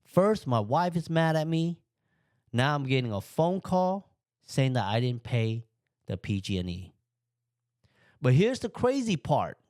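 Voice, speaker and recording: Podcast host, male, mid-pitched, lively casual storyteller, dry close mic. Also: unhurried, long pauses, no echo. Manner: animated, voices his own thoughts with big pitch jumps; plain, conversational English with loose grammar. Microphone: podcast microphone.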